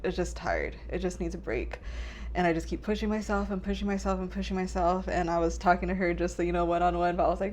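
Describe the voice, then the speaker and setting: A woman's voice: on the low side, quick pace, a little mellow. A young woman hosts a chatty podcast, talking in long rambling runs full of fillers. She sounds tearful and emotional. A faint hum of ambience sits under her voice. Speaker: podcast host. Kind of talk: casual chat.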